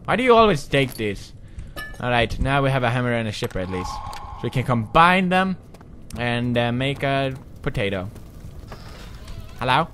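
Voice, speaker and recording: A man giving goofy, jumpy commentary as he plays a horror game, with sudden loud outbursts. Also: medium pitch, sing-song, normal speed, pauses often, slight background noise. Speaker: gaming commentator.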